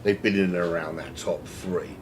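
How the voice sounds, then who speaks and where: A man's voice: low voice, steady tone, normal speed, noisy background. A man from South London with a South London accent, commentating on a sim race from home in a rambling, self-mocking, chatty way.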